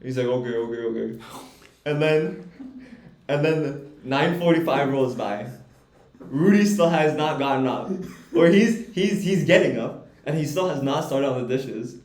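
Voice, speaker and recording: A young man co-hosting a podcast, telling a story in a casual, animated, swearing way and laughing as he goes. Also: mid-range voice, a little slow. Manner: animated, profane, laughs while telling stories. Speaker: podcast co-host. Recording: echoey room.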